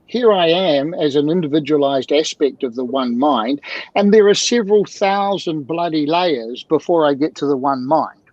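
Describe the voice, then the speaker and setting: A fairly high-voiced man talks as a guest mentor, animated and driving his points home with repeated rhetorical questions. The sound is dull and lo-fi, with a dry, close feel and no room around it. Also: normal speed, no echo. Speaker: guest, emotional communication mentor. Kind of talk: video-call interview talk.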